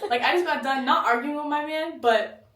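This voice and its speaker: A woman's voice: high-pitched, normal speed, fairly bright tone. A woman with an American accent, co-hosting a casual podcast chat, speaking candidly, laughing and swearing freely. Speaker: podcast co-host. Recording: roomy echo, mic at a distance.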